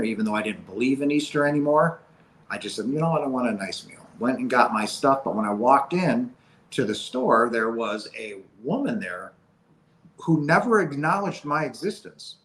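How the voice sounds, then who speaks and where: A man's voice: fairly low pitch, a bit bright, slight background noise. Man telling a story in a roomy space. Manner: recounts events with frequent "like" and "right?". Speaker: guest sharing a personal experience. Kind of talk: casual spoken storytelling. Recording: roomy, faint background ambience.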